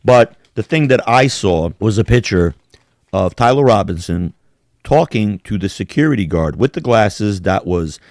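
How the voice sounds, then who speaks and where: A man's voice: on the low side, animated, moderate pace, darkish tone, no room sound, studio quality. A man co-hosting a podcast, chatting casually with rambling, profane talk. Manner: profane, rambling, does mocking impressions. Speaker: podcast co-host. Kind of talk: casual chat.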